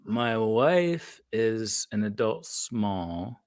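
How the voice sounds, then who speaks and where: A man's voice: on the low side, very slow, no echo, studio quality. Laid-back male radio guest. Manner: friendly, laughing, relaxed banter. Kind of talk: casual radio interview chat.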